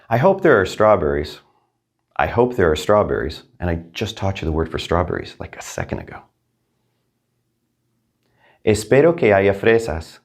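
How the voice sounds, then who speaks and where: Male language teacher, deep voice, upbeat, clear repetition drills. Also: darkish tone. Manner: upbeat, repeats each practice sentence twice. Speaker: Spanish teacher. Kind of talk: language lesson.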